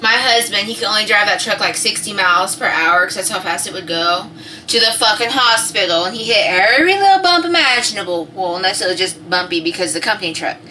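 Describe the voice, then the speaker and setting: Chatty woman, bright voice. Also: mid-range voice, very animated, quick pace, distant mic, a little hiss or hum, low-quality recording. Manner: chatty, swears freely, acts out quotes loudly. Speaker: vlogger. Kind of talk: casual storytelling to camera.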